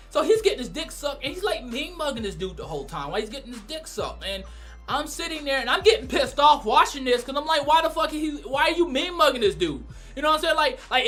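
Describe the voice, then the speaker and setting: A man giving a casual, crude and animated spoken review, often breaking into loud exclamations. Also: very high voice. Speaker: anime reviewer.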